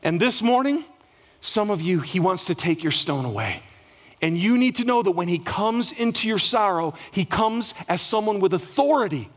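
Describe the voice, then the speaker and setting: A male pastor delivering a sermon, rising to loud cries and dropping to hushed, quiet lines. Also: animated, normal speed. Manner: dynamic preaching, swings from loud cries to hushed lows.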